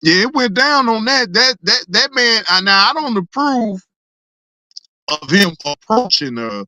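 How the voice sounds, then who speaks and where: Excitable, laughing reaction host, bright dry tone. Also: mid-range voice, measured pace, dry recording. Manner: excitable, laughs often, repeats words, exclaims; teasing, joking with chat viewers. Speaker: reaction channel host reading chat. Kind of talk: casual reaction commentary.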